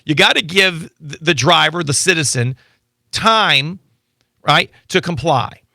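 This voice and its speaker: A man appearing as an attorney guest, chatting casually in a radio studio and telling animated stories with lots of restarts. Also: fairly high pitch, unhurried, gravelly, no room sound. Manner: animated storytelling with frequent restarts. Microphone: studio microphone.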